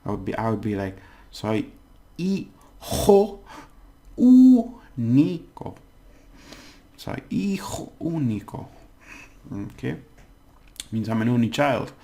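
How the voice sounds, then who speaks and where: A man teaching a casual language lesson, patiently breaking down words and slowly overpronouncing the examples. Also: fairly low pitch, lively intonation, creaky, a little mellow.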